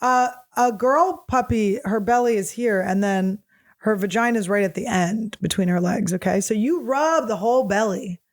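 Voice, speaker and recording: A woman hosting a comedy podcast alone, telling crude, animated, self-mocking stories in a casual monologue. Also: medium pitch, normal speed. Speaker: podcast host.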